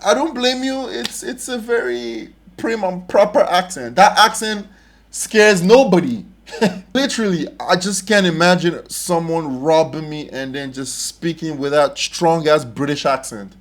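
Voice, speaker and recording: A young man with a slightly high voice talks through a reaction video. He is animated and emphatic, and he breaks into laughter often. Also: unhurried. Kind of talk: casual reaction commentary.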